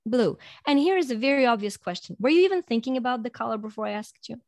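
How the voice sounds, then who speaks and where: A woman's voice: on the high side, lively intonation, dry recording. Earnest woman with a dry, close sound. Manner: earnest, drops soft and slow when guiding breathing; laughs lightly between points. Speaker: guest. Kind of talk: reflective motivational talk.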